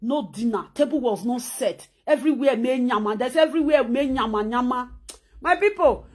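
A high-pitched woman speaking with a Nigerian Pidgin accent. She rants at the camera in a scolding, mocking, animated way. She keeps sewing as she talks. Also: normal speed, slightly rough. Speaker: vlogger. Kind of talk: ranting vlog commentary.

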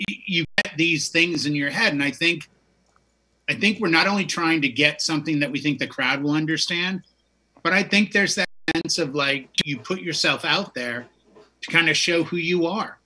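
Husky-voiced man with a bright, forceful tone. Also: on the high side, normal speed. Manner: enthusiastic, tells long digressive stories. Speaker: DJ and show host. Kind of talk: casual chat.

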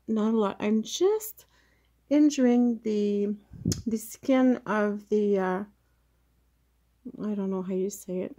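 Chatty, mellow-voiced woman demonstrating plant care. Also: fairly high pitch. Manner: chatty, hesitant, talks while working with her hands. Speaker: plant grower demonstrating propagation. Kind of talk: casual how-to demonstration. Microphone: camera mic, very close up.

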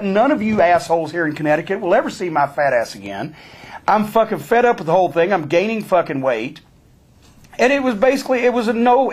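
A man telling a backstage story in a profane, sarcastic, animated way. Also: high-pitched, slightly rough. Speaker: storyteller guest.

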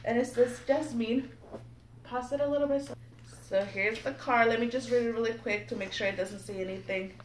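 Young woman, excited vlog chat, giggly, slightly high voice, roomy echo, faint noise behind. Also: brisk. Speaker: vlogger. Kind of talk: casual unboxing chat to camera. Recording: echoey room, mic a bit distant, faint background noise.

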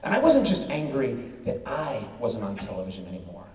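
A man performing an animated stand-up comedy routine in a large theater, shouting punchlines over a loud crowd. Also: mid-range voice, brisk, very noisy. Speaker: comedian on stage. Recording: far, roomy, lo-fi concert audio with loud crowd. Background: loud audience laughter and cheering.

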